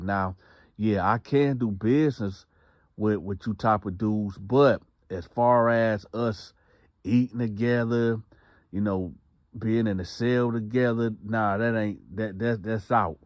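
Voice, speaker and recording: A man's voice: lowish voice, fairly even intonation, slow, darkish tone, no echo. A man casually telling a story in a slangy, plain-spoken way, often repeating words. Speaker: storyteller host. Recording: dull lo-fi dry recording.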